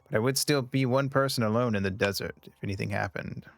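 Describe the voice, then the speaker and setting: A man voicing a calm, courteous male scholar who speaks in a measured, lecturing way. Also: medium pitch, gravelly, no room sound, lightly acted.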